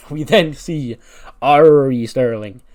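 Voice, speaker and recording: A man's voice: mid-range voice, slow, darkish tone. A man narrating his wrestling management game with playful play-by-play and chuckling asides. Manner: mock commentator delivery, chuckling asides.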